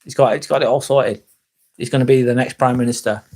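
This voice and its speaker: A man's voice: fairly even intonation, fast, darkish tone, close to an everyday voice. A man voicing Timmy, a chummy little campaigner. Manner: chummy, reassuring sales pitch. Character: little male mascot Timmy campaigning cheerfully.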